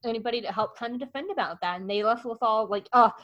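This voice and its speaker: A woman's voice: a little high, fast, dull audio, background noise. Gushing, rambling woman podcast host. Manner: gushing, rambling with many restarts. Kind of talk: casual podcast chat.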